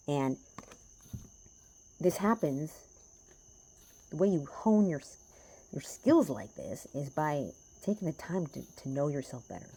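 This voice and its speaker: A woman's voice: extremely low pitch, animated, moderate pace, vocal fry, mellow, breathy edge. A woman who reads tarot, talking to her viewers in a passionate, rambling and profane way, at home in a small house in the woods. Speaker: tarot reader. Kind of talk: casual vlog talk to viewers.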